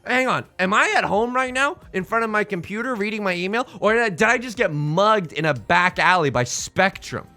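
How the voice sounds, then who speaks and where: A man with a high, ringing voice that swoops widely as he comments on his game. He jokes and rants in a theatrical, animated way, and a faint bit of music sits underneath. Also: a little fast, few pauses. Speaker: Let's Play host. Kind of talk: casual gameplay commentary.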